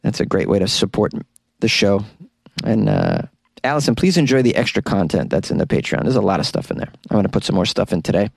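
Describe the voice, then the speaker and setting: A man's voice: fairly low pitch, very animated, fast talker, creaky, no room sound. A man hosting his own podcast, chatting loosely and rambling, often stumbling and laughing at himself. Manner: rambling, loose, self-mocking, breaks into sung impressions. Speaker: podcast host. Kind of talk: casual podcast outro chat. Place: small closet.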